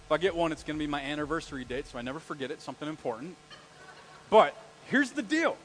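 A pastor with a fairly high voice preaches a live sermon at a quick pace, telling animated stories and putting questions to the congregation. The recording is rough.

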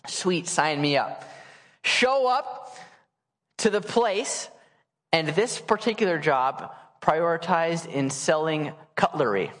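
Animated man telling a sermon story. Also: on the high side, slow pace. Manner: casual, animated storyteller acting out quotes. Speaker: pastor. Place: church sanctuary. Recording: church hall reverb.

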